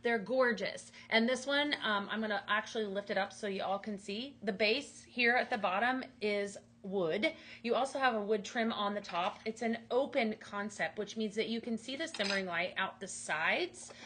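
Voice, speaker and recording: A woman's voice: medium pitch, moderate pace, hardly any pauses, a bit bright. A woman hosting a live home-goods sales stream, upbeat and enthusiastic as she demonstrates products. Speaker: livestream sales host. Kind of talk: live product demo chat.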